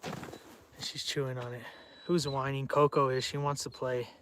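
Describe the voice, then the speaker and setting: A man's voice: mid-range voice, little pitch movement, normal speed, a bit bright, a little hiss or hum. A man hosting a casual outdoor Q&A on a cold property, rambling between answers and calling out to his dogs. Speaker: channel host answering viewer questions. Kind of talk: casual livestream Q&A.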